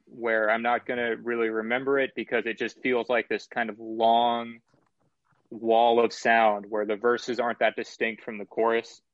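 Guy reviewing tracks with his buddies, measured, kinda dull dry mic. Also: medium pitch, little pitch movement, dry recording. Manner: analytical, measured, swears casually. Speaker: album review host. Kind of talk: casual review chat.

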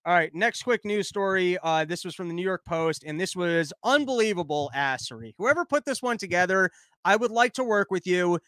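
High, smooth-voiced man riffing on news. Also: lively intonation, normal speed, a bit bright, no room sound. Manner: profane, rambling, joking. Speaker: podcast host. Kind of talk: casual news commentary.

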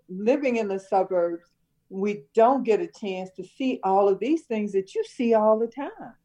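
An older woman, a retired schoolteacher from Chicago, reminiscing in a relaxed conversation and laughing often. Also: mid-range voice, a little slow. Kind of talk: casual conversation.

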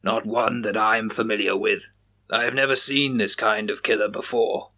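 A man's voice: on the low side, steady tone, normal speed, pushed and bright. A man voicing a male police officer partner in a horror story, speaking in a clipped, defensive way. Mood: grim.

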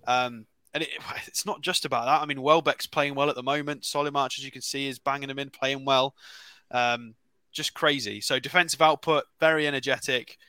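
A man's voice: medium pitch, fairly even intonation, fairly quick, pushed and bright, clean tone, dry recording. A man co-hosting a casual football podcast, talking through player stats with lots of fillers and restarts, with an English accent. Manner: rambling stats talk with fillers. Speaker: podcast co-host.

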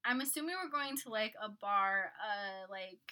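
A young woman telling a story in casual chat, animated and acting out quotes. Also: mid-range voice, moderate pace, over a noisy crowd. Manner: animated storytelling, acts out quotes, laughs often.

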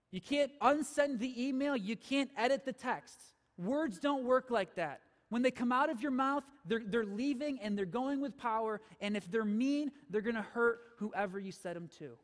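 A man's voice: very high voice, fairly bright tone. A man preaching a sermon as pastor, emphatic and asking the congregation questions. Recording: long hall reverb.

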